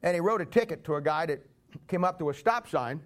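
A man's voice: on the high side, animated, fast talker. A man pastor preaching a sermon to his church, sarcastic and emphatic, telling stories.

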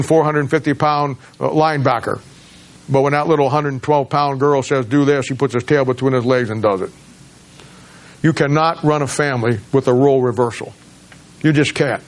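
A middle-aged man preaching a sermon to a congregation, halting with many restarts and rising to emphatic peaks. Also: medium pitch. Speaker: pastor.

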